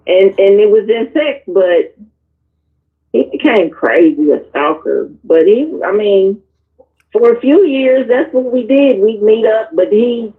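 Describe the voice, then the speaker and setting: A candid woman telling frank personal stories in loose, casual chat, recorded over a tinny, phone-like line. She is a guest on a discussion panel. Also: mid-range voice. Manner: candid, animated storyteller.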